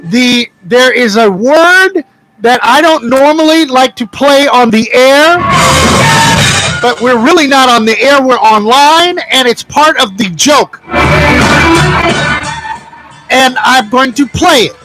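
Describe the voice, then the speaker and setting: A man's voice: very high-pitched, unhurried, loud music behind the voice, poor audio. A man hosting an online morning show, chatting in a folksy way and hyping up his listeners. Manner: folksy, hypes up the audience. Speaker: radio show host. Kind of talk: casual morning show chat.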